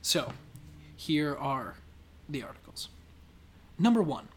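A man co-hosting a casual comedy podcast, running a quiz game, talking hesitantly with many restarts and letting his sentences trail off quietly. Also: on the high side, normal speed. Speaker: podcast co-host and quiz presenter.

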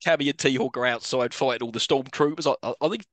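A man's voice: mid-range voice, fast talker, no echo. A man co-hosting a podcast, casually recapping a film scene by scene and laughing often. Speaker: podcast co-host. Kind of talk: casual film review chat.

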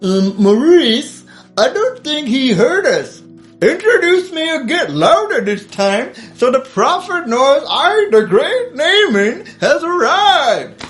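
A man voicing a boastful, self-important army commander in a high, showy cartoon-king voice. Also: big pitch swings, takes it slowly, fairly bright tone, faint music behind, full character voice. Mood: pompous. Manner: bragging, demanding, self-important.

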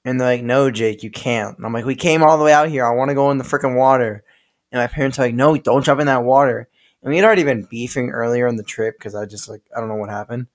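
A young man telling stories on a podcast, rambling and profane, stopping to laugh at himself. His voice sits at an ordinary middle pitch for a man. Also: fast talker. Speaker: podcast co-host. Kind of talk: casual storytelling chat.

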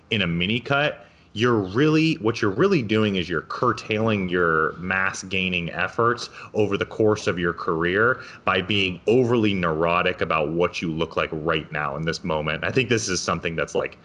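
A man's voice: deep voice, a bit bright. A man hosting a casual podcast discussion, joking and self-deprecating as he gives coaching advice. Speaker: podcast host.

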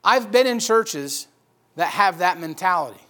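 A man preaching a sermon, swinging from loud emphatic bursts to quiet storytelling. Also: high-pitched, lively intonation, unhurried. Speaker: pastor.

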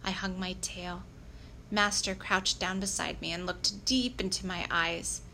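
A woman narrating a children's book aloud in a lively, expressive storytelling manner. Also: fairly low pitch, a little slow, slight background noise. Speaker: audiobook reader.

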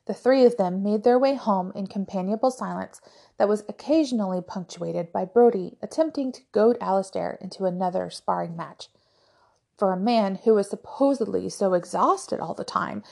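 A woman narrating a fantasy novel aloud in an even, measured storytelling voice. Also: mid-range voice, creaky. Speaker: audiobook podcast narrator.

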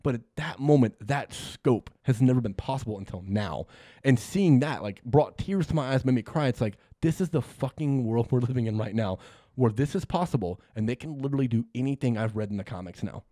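A young man co-hosting a podcast, chatting casually about a movie, excitable and emotional, swearing freely and laughing often. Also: medium pitch, a little fast, no echo, clean studio sound. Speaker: podcast co-host. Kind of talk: casual movie review chat.

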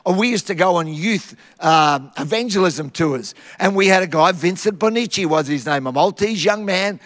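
A high-pitched Australian man from Queensland preaches a sermon. He tells Bible stories in a lively, humorous way and acts out the scenes. His voice carries a long reverb from a large hall. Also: moderate pace. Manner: lively storytelling, acting out Bible scenes with humour.

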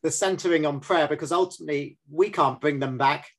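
A man's voice: a little high, brisk. Man hosting a faith interview. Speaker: host.

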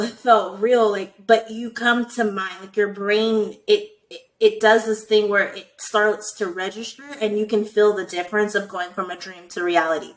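A young woman telling a personal story in casual chat, animated and profane, full of "like" fillers. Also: medium pitch, rough recording.

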